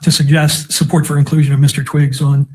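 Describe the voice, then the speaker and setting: A man's voice: fairly high pitch, monotone, a little fast, a little mellow, husky. Methodical man questioning in court. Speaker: defense attorney. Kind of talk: courtroom cross-examination.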